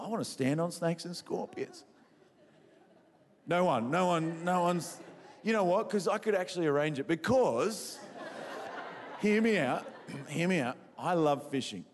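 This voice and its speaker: Australian male preacher, fairly high voice, animated storyteller who works the crowd, echoey hall sound. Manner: animated, quizzes the crowd, self-mocking. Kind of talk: humorous sermon storytelling.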